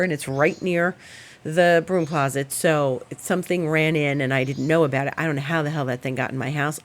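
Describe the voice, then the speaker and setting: A middle-aged woman with a low voice talks through her astrology forecast in a chatty, animated way. She tells stories with plenty of laughter and spoken asides. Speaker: astrologer host. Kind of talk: casual storytelling and astrology forecast.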